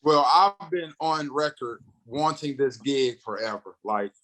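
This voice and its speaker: A man in his thirties from North Carolina talks as a podcast guest, with a medium-pitched voice and lively storytelling energy. He speeds up when he gets excited and acts out the voices of the people in his stories. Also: rough recording. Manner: animated storyteller, acts out quotes, fast bursts. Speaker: comedian and radio host, podcast guest. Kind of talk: casual interview storytelling.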